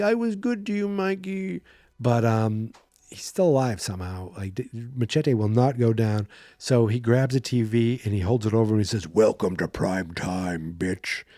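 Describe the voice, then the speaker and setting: A man hosting a horror movie podcast, recapping a film in a chatty, animated way and slipping into quick voices for the characters. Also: lowish voice, dry recording, studio quality.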